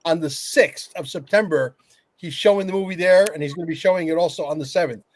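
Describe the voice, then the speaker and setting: A chatty man hosting a roundtable podcast. His voice sits a little high and sounds dry and close. He talks with eager, upbeat energy. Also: fast talker, no room sound. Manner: chatty, enthusiastic, self-promoting. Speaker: podcast host. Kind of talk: casual roundtable chat.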